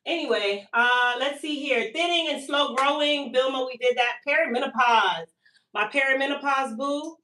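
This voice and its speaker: A woman, hosting a live stream for her hair care business and telling a long-winded, animated story about her toddler. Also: high voice, normal speed, distant mic. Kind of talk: casual live-stream sales chat. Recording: echoey room, voice a bit off-mic.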